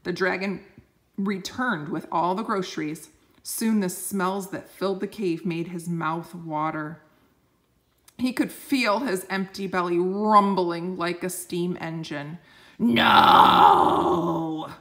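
A woman reading a picture book aloud slowly and gently, explaining words for children. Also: on the low side. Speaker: storyteller.

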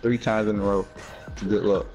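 A man's voice: lowish voice, little pitch movement, normal speed, poor audio. A man trash-talking over game voice chat, toxic and taunting, heaping profane insults, speaking into a headset mic. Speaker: online opponent in voice chat. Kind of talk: trash talk. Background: background music.

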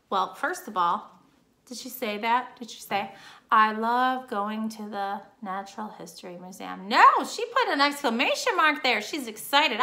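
A woman's voice: on the high side, bright, forceful tone. A woman teacher giving a recorded online grammar lesson, explaining patiently step by step.

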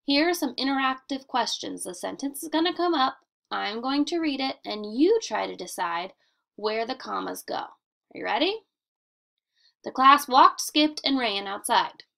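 A woman teacher talks children through a grammar lesson in a deliberate, sing-song classroom voice. She sits a little high in pitch, and a gravelly fry runs under her words. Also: very animated. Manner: slow, deliberate, sing-song classroom delivery with emphatic questions.

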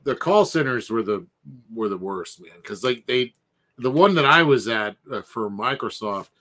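Man, bright voice, lively storyteller, casual chat while drawing. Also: medium pitch, normal speed. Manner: animated storyteller, mimics callers. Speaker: co-host artist.

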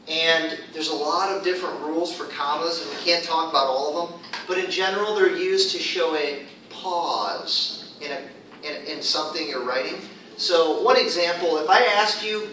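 A man teaching English in a casual, animated way, often checking in with "okay?". His voice comes from a distance in an echoey room. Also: a little high, a little hiss or hum. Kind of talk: casual classroom explanation.

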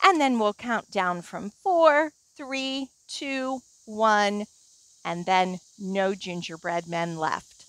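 A woman librarian reading a fairy tale aloud and leading children's storytime outdoors, slow and expressive. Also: mid-range voice, poor audio.

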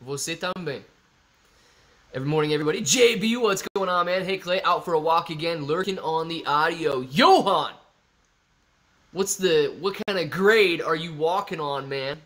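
A man's voice: a little high, a bit bright. A young man hosting a casual live stream, reading viewer comments aloud and joking back, calling everyone man and bro.

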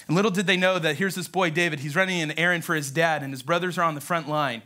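A man pastor preaching a lively sermon, telling stories and acting out the voices in them. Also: on the high side, fast, hardly any pauses.

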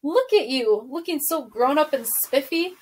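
Woman reading a gentle, joking father, affectionate, soft-spoken, storybook voice. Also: high voice, animated, unhurried, voice pushed up. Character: warm, joking father of a young boy.

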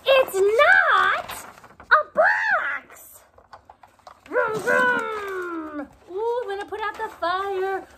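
A woman voicing an excitable, playful young rabbit who shouts sound effects and pretend games in a children's storybook reading. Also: very high-pitched, slow pace, very noisy, pitched above the performer's own voice. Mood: excited, playful.

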